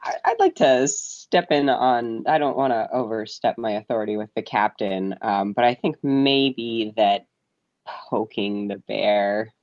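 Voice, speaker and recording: A man playing a tabletop role-playing game, thinking out loud hesitantly with many restarts. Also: on the low side, unhurried, no echo, lo-fi sound. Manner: hesitant, rambling, lots of restarts. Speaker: player. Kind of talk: tabletop role-play, planning moves.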